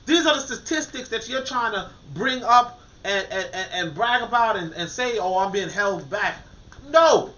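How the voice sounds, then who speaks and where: A man's voice: very high-pitched, animated, moderate pace, hardly any pauses, bright, forceful tone. A man hosting a podcast in casual motivational talk, emphatic and repetitive, full of fillers and restarts. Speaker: podcast host. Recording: dull lo-fi recording.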